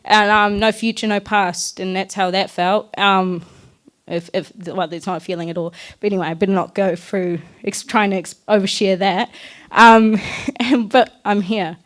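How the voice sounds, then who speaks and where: A young woman with a mid-range voice shares her personal story at a community talk. She speaks at a normal speed in a steady tone, and her manner is candid, earnest, and loosely chatty.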